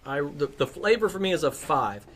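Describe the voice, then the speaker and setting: A man's voice: fairly high pitch, sing-song, a little fast, a bit bright. A man hosting a casual panel show, chatty and leading the talk with frequent fillers. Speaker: host.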